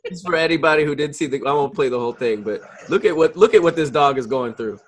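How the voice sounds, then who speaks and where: A man co-hosting a podcast, talking in a quick, joking, conversational way. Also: a little high, animated. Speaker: podcast co-host. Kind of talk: casual chat.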